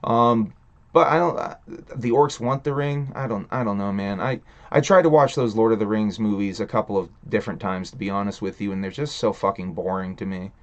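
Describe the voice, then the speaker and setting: A man with a fairly low voice hosts a livestream, ranting at a brisk clip in a casual, rambling way. He swears a lot and laughs between thoughts. The audio sounds dull.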